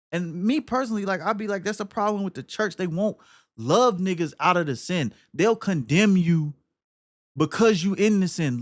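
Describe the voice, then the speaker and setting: A man hosting a podcast, talking casually and emphatically about a film, cursing freely and swinging between loud outbursts and low muttering. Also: dry recording, studio quality. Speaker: podcast host.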